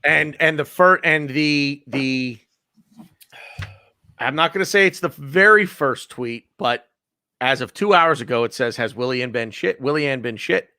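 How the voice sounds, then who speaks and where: A man hosting a casual football postgame chat, blunt and animated, swearing freely. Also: on the high side, unhurried, clean tone, dry recording, clean studio sound. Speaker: podcast host.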